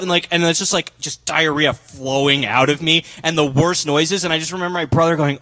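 A man's voice: a little high, fairly even intonation, brisk, hardly any pauses, bright, forceful tone, dry recording. A young man, a podcast guest, animatedly telling an embarrassing story and quoting his family, laughing as he goes.

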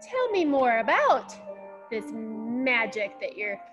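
A woman voicing a stern, boastful male king in a children's story, in a lowered, commanding voice. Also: very animated, takes it slowly, over music. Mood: curious, amazed.

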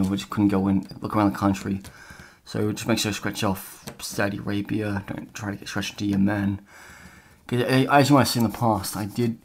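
A man's voice: lowish voice, a little hiss or hum. A man vlogging casually as he scratches off a map, rambling and chatty with lots of fillers. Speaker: travel vlogger.

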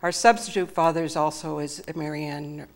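Low-voiced lady preaching in a little church, kinda nervous and halting, folksy. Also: steady tone. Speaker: lay preacher. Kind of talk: church sermon. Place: small church.

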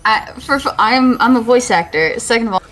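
Giggly, lively woman on voice chat. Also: on the high side, fairly quick, soft background music. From American South. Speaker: streamer and voice actor. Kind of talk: casual gaming chat with friends.

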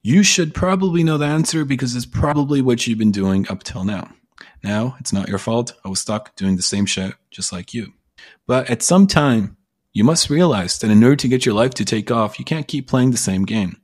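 A husky, mid-range male voice moves at a moderate pace through a persuasive motivational speech. The delivery is expressive, emphatic and laid-back, and he curses freely.

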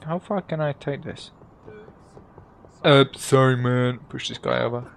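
A man's voice: medium pitch, unhurried, gravelly, slight background noise. A young man giving casual, joking gameplay commentary as he plays, swearing and laughing at himself. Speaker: gaming YouTuber.

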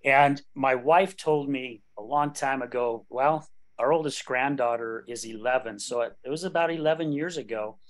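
A podcast host in his late fifties talks candidly in casual conversation, joking and laughing often. He has a mid-range voice at a moderate pace.

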